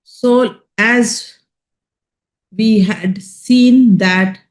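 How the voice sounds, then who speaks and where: A woman with an Indian English accent giving a chemistry lecture, explaining slowly and checking in with her students. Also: on the high side. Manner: slow, emphatic explaining with frequent check-ins. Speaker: chemistry teacher. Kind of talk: classroom lecture.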